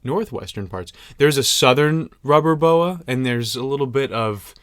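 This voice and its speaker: A man's voice: mid-range voice, expressive, moderate pace, smooth, no echo, studio quality. A young man co-hosting a podcast in casual chat, joking and rambling with frequent laughs. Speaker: podcast co-host.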